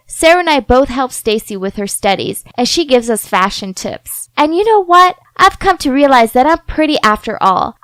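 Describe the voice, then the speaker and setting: A woman narrating a first-person animated story in an upbeat, reflective, chatty way. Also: sits high, dry recording.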